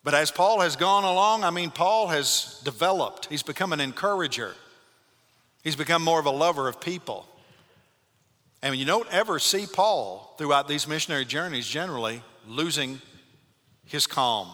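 Bright-voiced male pastor preaching in a hall. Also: on the high side, lively intonation, normal speed. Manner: dynamic preaching, shifts from loud to hushed. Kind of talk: sermon.

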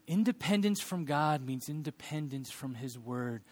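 A pastor in his thirties delivers a sermon in a fairly high, lively voice. He mixes humor with earnest teaching and swings his voice into little acted quotes. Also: moderate pace.

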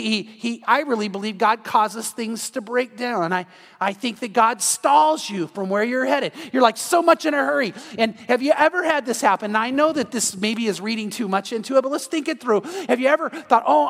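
High-voiced male pastor in a reverberant hall. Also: a little fast, creaky, fairly bright tone. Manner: conversational, acts out everyday scenes in quoted voices. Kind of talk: evening sermon. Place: church sanctuary. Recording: long reverb of a large hall.

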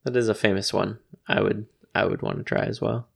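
A man co-hosting a casual chat, laid-back and joking, musing slowly. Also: lowish voice, steady tone, vocal fry, husky. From United States. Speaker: podcast co-host.

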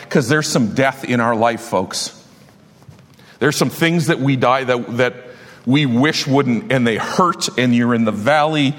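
A man's voice: medium pitch, a bit bright, in a large hall. A man preaching a sermon as pastor, passionate and building to emphatic declarations.

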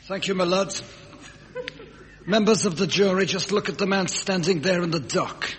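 A bumbling pompous barrister. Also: male voice, sits high, moderate pace. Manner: pompous, flustered. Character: bumbling male defense barrister. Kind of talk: 1970s radio comedy sketch. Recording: loud live audience.

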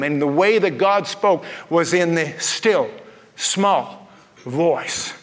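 High-voiced preacher in a reverberant hall. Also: male voice. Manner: animated storytelling with playful asides. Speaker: pastor. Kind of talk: sermon. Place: church.

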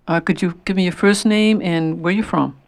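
Gravelly, dry-sounding radio host. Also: mid-range voice, steady tone, dry recording. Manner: halting, many restarts. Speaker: radio talk show host. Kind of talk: call-in radio hosting.

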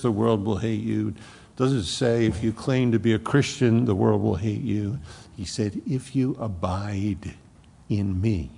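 A man preaching a sermon at a deliberate, unhurried pace, leaning hard on key words as he quotes scripture. His voice has a gravelly edge, and it rings out with a long reverb in a church hall. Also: lowish voice, darkish tone. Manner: slow, emphatic Bible exposition with quoted scripture.

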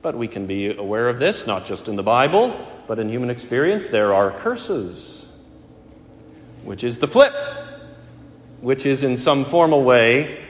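A middle-aged male pastor preaches with a lively, rising-and-falling voice and a touch of dry humor. His words ring out in a church sanctuary with a long, echoing reverb. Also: mid-range voice, measured pace. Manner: conversational, gently humorous preaching. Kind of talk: sermon. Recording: echoey church hall.

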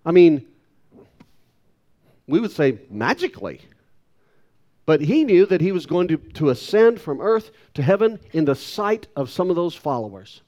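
A man's voice: a little high, very animated, unhurried, long pauses, dark tone. A man in his sixties preaching a sermon with emphatic delivery and self-deprecating asides. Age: 60s. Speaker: pastor.

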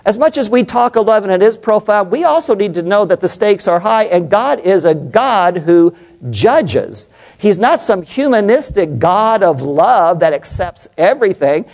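A man's voice: sits high, big pitch swings, moderate pace, darkish tone. A middle-aged man, a pastor and psychologist, preaching a passionate, emphatic sermon and putting questions to the congregation.

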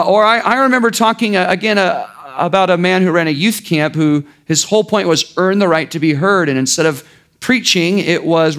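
A man's voice: fairly high pitch, fairly bright tone. A man preaching a sermon in an informal, conversational way, with sarcastic asides and frequent restarts. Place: church.

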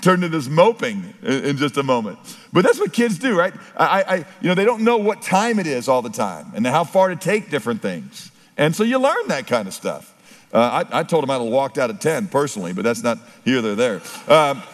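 Man preaching, middle-aged, fairly high voice, emphatic, long hall echo. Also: very animated, moderate pace. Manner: emphatic preaching with storytelling asides. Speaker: pastor. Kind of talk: sermon.

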